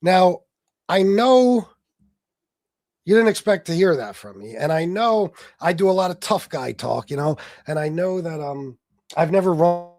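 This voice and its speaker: Slightly high and darkish in tone, this male livestream host sounds dry, with no echo. Brash and boastful, he curses freely while responding to comments from people in his stream chat.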